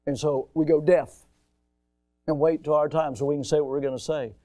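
A middle-aged man preaching a sermon in a conversational way, dropping to hushed asides and then rising into loud, shouted outbursts. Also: a little high, steady tone, moderate pace, no room sound, clean studio sound. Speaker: pastor.

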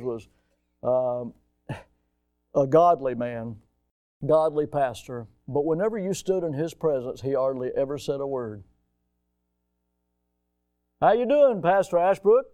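A middle-aged man preaching a sermon in a conversational way, dropping to hushed asides and then rising into loud, shouted outbursts. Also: medium pitch, no echo, studio quality. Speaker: pastor.

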